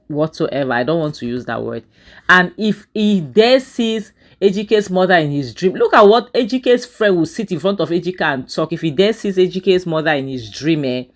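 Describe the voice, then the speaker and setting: A man with a Nigerian accent casually recapping a drama episode, talking animatedly with frequent restarts. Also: on the high side. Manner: animated storytelling, acts out quotes, frequent restarts. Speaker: series reviewer.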